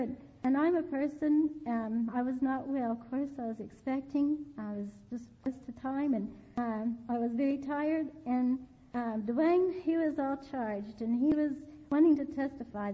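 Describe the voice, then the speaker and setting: A woman's voice: high voice, slightly rough. An older woman giving an earnest sermon testimony, repeating key phrases for emphasis. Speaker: preacher. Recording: tinny phone-like sound with long reverb.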